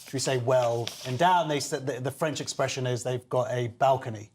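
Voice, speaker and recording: A man hosting a studio panel show, reading out audience questions and news items in a brisk, dry manner. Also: mid-range voice. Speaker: show host.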